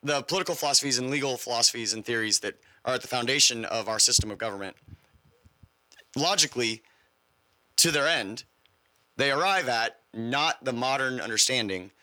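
A man holds forth on a casual podcast, swearing freely as he lectures. His voice is very bright and sits in a dry, close space. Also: mid-range voice, fairly quick, dry recording, rough recording. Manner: profane, lecturing asides. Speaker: podcast co-host.

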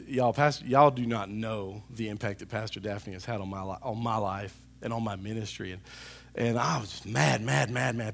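A man's voice: mid-range voice, vocal fry. A man preaching a sermon as pastor to his church, emphatic, with call-and-response asides to the congregation. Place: church service.

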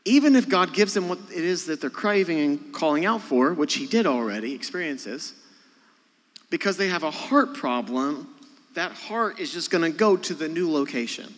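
A man preaching a sermon, talking to his congregation in a conversational way, rising to loud emphasis and dropping to quiet asides. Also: a little high. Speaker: pastor. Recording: long hall reverb.

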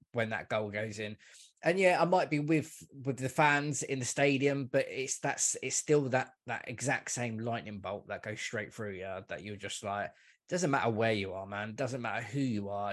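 A man, a podcast guest, chatting casually about football and swearing freely. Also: mid-range voice. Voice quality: swears freely, calls listener mate and man. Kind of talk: casual chat.

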